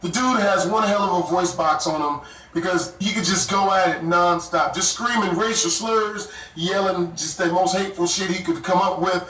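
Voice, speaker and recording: A man telling a story in casual, animated talk, often cursing and laughing as he goes. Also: high-pitched, moderate pace, hardly any pauses. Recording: echoey room, mic far off.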